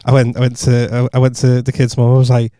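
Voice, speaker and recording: A man's voice: medium pitch, completely flat delivery, fast talker, mellow, no echo, studio quality. Scouse man telling stories. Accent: Liverpool Scouse. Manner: storytelling, swearing, acting out voices of people in the story. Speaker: podcast co-host. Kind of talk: casual chat.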